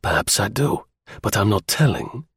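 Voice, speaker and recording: A man's voice: on the low side, animated, normal speed, a bit bright, husky, no room sound, clean studio sound, full character voice. A man voicing a sneering, brazen male spy suspect who taunts his captors in a raised voice. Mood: defiant. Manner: defiant, taunting.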